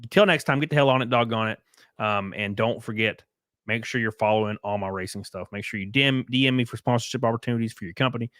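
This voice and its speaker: Fast and mid-range, a Southern US man's fairly bright voice comes through clean studio sound with no room sound. He hosts a loose, casual live stream, rambling and joking while reading viewer messages out loud and thanking them.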